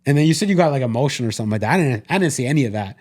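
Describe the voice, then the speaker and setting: A man's voice: medium pitch, expressive, rapid-fire, darkish tone. Male podcast co-host, mid-range voice, reflective and conversational, frequent restarts. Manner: reflective, retelling with quoted self-talk and many restarts. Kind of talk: casual conversation.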